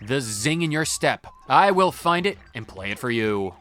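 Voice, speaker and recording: A gamer putting on a lofty little music sprite who speaks in slow, declamatory poetry. The voice sits higher and louder than usual, with faint game music behind. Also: very animated. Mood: mystical. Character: grandiose musical pixel creature, poetic and lofty. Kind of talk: reading game dialogue in voices.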